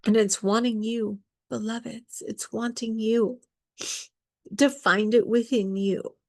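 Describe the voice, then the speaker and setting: A woman giving a spiritual sermon in a soft, often whispered voice, tearful at times. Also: on the high side, fairly even intonation, slow. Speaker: reverend leading a women's service.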